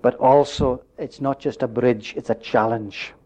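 A man preaching a sermon, building up to emphatic questions and dropping his voice low at the end of phrases. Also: steady tone, unhurried, darkish tone. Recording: dull lo-fi recording.

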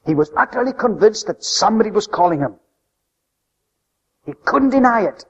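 A man preaching a sermon with an emphatic delivery that swings between loud, high stresses and soft, low drops. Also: big pitch swings, normal speed, breathy edge. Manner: emphatic, rising and falling delivery. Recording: lo-fi recording with long hall reverb.

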